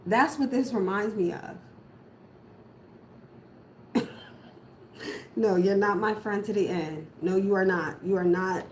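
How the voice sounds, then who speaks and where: A woman's voice: medium pitch, slow pace, pauses often, darkish tone. A woman giving a casual tarot reading, repeating firm, emphatic warnings. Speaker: tarot reader. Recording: echoey room, faint background noise.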